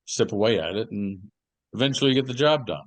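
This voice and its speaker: A man's voice: on the low side, animated, quick pace, no room sound. A man co-hosting a podcast, chatting casually and telling rambling stories with plenty of fillers and restarts. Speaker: podcast co-host. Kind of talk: casual chat.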